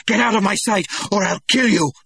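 A wild young man in a rage, as a reader puts him on, bellowing insults and threats at a strained high pitch. The shouting is loud and harsh, heard close and dry in a storybook reading. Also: a little fast, vocal fry, husky, dry recording, full character voice. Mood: threatening. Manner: shouting, menacing. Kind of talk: audiobook character voice.

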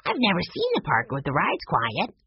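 A reader voicing a young, observant boy in a storybook reading, speaking in a bright, earnest way. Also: mid-range voice, huge pitch swings, normal speed, breathy edge, no room sound, exaggerated voice. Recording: muffled lo-fi audiobook recording.

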